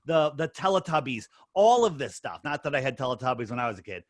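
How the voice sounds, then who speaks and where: A middle-aged man from the United States, appearing on a podcast, narrates his story casually but with force, firing off quick bursts. His medium-pitched voice has a sing-song lilt, recorded in studio quality with no room sound.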